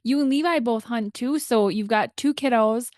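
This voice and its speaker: Woman host chiming in with quick agreeing bits, highish voice. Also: dry recording, clean studio sound. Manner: warm backchannels and short reactions. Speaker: podcast host. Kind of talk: casual interview chat.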